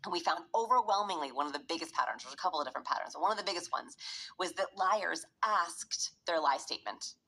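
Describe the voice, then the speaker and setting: A woman's voice: on the low side, lively intonation, fast talker, vocal fry, pushed and bright, breathy edge, poor audio. A woman researching behavior, explaining her findings in an interview and acting out examples as she goes. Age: adult parent. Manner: demonstrates examples by acting out voices.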